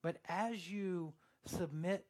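A man's voice: sits high, slow, darkish tone. A male pastor preaching a sermon in a conversational way, turning earnest and emphatic, with joking asides to the congregation.

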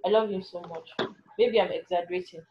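A woman's voice: on the low side, fairly even intonation, brisk, dull audio, noisy background. A woman narrating a first-person story in an anxious, self-questioning way.

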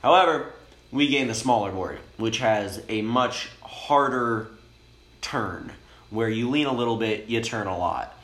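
A young man, a bit high, telling a long profane story in a rambling, laid-back way inside a camper van. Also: measured pace, fairly bright tone. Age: young adult. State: high on cannabis. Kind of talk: casual storytelling chat. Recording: roomy with faint noise.

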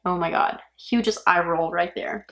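A woman's voice: lowish voice, steady tone, normal speed, fairly bright tone. A woman hosts a true crime podcast and walks through the case in a loose, conversational way. She talks like she is speaking to a friend and adds her own blunt reactions along the way. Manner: casual, opinionated, reacting aloud. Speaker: podcast host.

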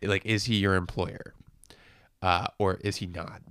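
A young man gives advice in a casual chat, measured and dryly funny. His voice sits a bit low. The sound is dry and close. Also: flat delivery, creaky, fairly bright tone, dry recording. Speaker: guest, former consultant.

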